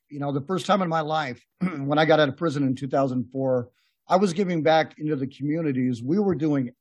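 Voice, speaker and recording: Husky man telling rambling stories. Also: fairly high pitch, darkish tone, no room sound. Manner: rambling anecdotes with laughs and restarts. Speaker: podcast host. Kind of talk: casual storytelling chat. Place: podcast room.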